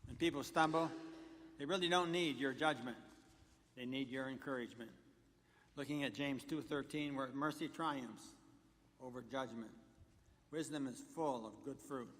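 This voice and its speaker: A man's voice: mid-range voice, unhurried, long pauses, a bit bright. Man preaching with long church reverb. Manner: preaching with jokes and numbered points. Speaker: pastor. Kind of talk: sermon. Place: church sanctuary.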